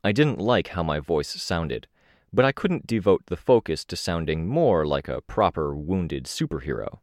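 Male narrator, deep low voice, steady measured reading, first-person audiobook, dry close recording. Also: no echo.

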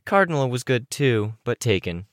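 An audiobook reader voicing a sly, smug young woman who speaks smoothly and wryly. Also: mid-range voice, big pitch swings, moderate pace, no echo, studio quality, pitched above the performer's own voice, lightly acted. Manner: wry, smooth and knowing.

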